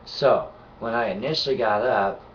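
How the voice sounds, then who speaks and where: A man's voice: normal speed, far from the mic, dull audio, a little hiss or hum. Furious swearing man ranting. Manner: heated, swearing constantly, swings from low mutter to shouting. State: sick and nauseated. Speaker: vlogger. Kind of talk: angry profane rant to camera.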